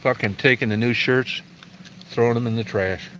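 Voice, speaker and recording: A man's voice: mid-range voice, steady tone, normal speed, fairly bright tone, slight background noise, low-quality recording. A middle-aged man livestreaming, chatting with viewers in a blunt, profane, rambling way. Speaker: livestream host. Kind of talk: casual livestream chat answering viewers.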